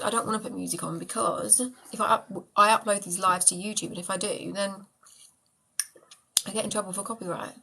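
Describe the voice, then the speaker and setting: Chatty bright-voiced woman. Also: medium pitch, slightly rough, poor audio. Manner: chatty, affectionate, reads out viewer comments. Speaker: manifestation coach. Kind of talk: casual live-stream chat.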